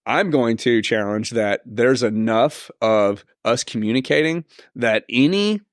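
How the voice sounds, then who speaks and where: A man's voice: medium pitch, lively intonation, measured pace, dry recording, clean studio sound. A man with an Oklahoma accent, co-hosting a casual podcast chat in an easygoing way, laying out ideas and agreeing often. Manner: easygoing, frequent short agreements, laughs along. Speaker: podcast co-host.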